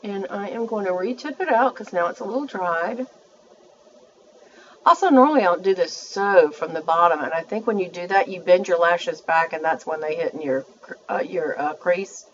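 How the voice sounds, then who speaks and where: A woman's voice: on the low side, normal speed, highs cut off, a little hiss or hum. A woman, chatting through a makeup tutorial and talking to her viewers as she works. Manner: chatty, self-narrating, addresses viewers as y'all. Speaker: beauty vlogger.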